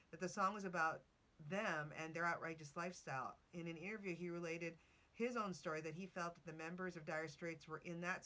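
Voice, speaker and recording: Podcast host, woman, low voice, chatty with asides and self-corrections. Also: fairly bright tone. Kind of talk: casual podcast talk, reading notes.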